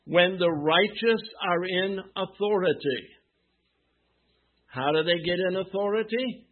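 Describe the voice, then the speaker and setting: A man preaching a sermon, asking his listeners questions and answering them with emphasis, pausing between phrases. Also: sits high. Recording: tinny phone-like sound.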